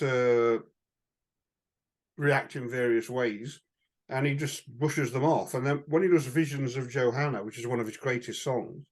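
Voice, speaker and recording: A man co-hosting a podcast and spinning anecdotes in a loose, chatty way. His voice sits at an ordinary middle pitch. He rambles through "um"s and restarts and chuckles at his own stories. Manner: chatty anecdotal storytelling with frequent fillers and chuckles. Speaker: podcast co-host. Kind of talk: casual chat.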